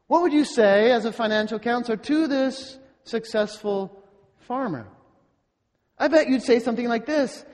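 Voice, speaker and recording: A man with a strikingly high-pitched voice delivers a sermon in a church, taking his time and posing rhetorical questions to the congregation. His words ring out with a long reverb in a large hall. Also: expressive, a little mellow. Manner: slow, deliberate preaching with rhetorical questions. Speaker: pastor.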